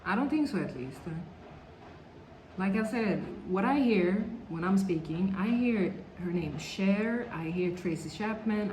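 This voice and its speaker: Speaking to camera in a casual storytime vlog, this woman has a medium-pitched voice with a darkish tone. She rambles, often saying "like" and "you know," in a room with echo and faint background noise.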